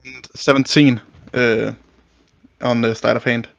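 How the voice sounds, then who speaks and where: A man's voice: mid-range voice, level tone, measured pace, creaky. A man playing a tabletop game, asking about his moves in a casual, direct way. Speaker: player. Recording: dull lo-fi mic.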